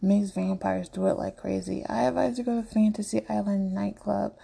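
A wry, blunt old vampire advisor, speaking in a flat, gravelly, husky tone, as a woman reads him. He hands out advice matter-of-factly, with a teasing edge. A storybook figure. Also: mid-range voice, normal speed.

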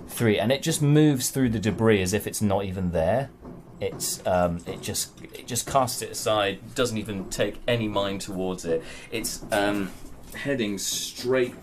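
Hesitant man running a tabletop game. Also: fairly low pitch. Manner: hesitant, full of ums and restarts. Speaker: game master. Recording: noisy home recording.

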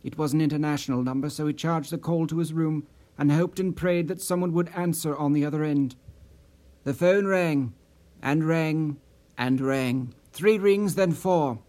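Male audiobook narrator, measured, expressive, fairly high-pitched. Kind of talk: scripted narration.

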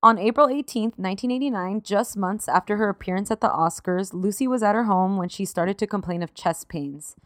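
Her pitch is medium and her pace a little fast, with hardly any pauses, captured in studio quality with no echo. As a podcast co-host, she chats casually and partly reads a story from her notes. Emotional throughout, she swears freely and laughs through tears.

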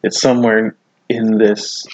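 A man's voice: on the low side, little pitch movement, measured pace, a little mellow, lo-fi sound. A man co-hosting a casual podcast, recapping a TV episode, rambling and restarting his sentences with frequent laughs. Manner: rambling, self-interrupting, laughs often. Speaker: podcast co-host.

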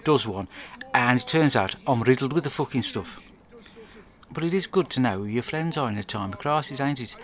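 A blunt, foul-mouthed man rambles through a deadpan comic video diary. His voice sits at an ordinary middle pitch, close to the mic in a quiet room at home. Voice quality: crude, blunt, rambling storyteller. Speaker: comic monologue narrator.

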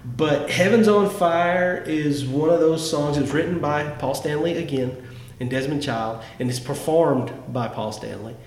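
A man's voice: a little high, a little slow. A man on a podcast, talking casually and with enthusiasm about favorite songs, often restarting his sentences. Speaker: podcast host. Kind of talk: casual music chat. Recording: echoey room, faint background noise.

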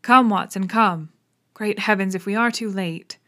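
A woman's voice: mid-range voice, unhurried, fairly bright tone, close to an everyday voice. Lady reading a grave commanding victorian detective guy, clipped and urgent.

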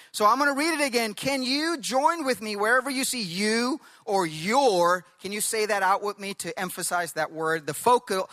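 A male pastor with a high, pushed, bright voice preaches a sermon, drawing out key words emphatically and leading the congregation in reading along in call-and-response. A long reverb tail trails his speech.

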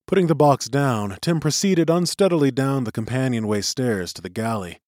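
A man narrating a chapter of a novel in an expressive storytelling voice. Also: mid-range voice, normal speed, hardly any pauses, dry recording, clean studio sound. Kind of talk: audiobook narration.

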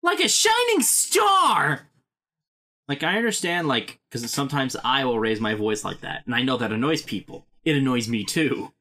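A man co-hosting a casual podcast, his pitch jumping around a lot as he talks. His tone is bright and forward. He swears freely and throws in goofy mock threats. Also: lively intonation, brisk, hardly any pauses. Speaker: podcast co-host. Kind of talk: casual chat.

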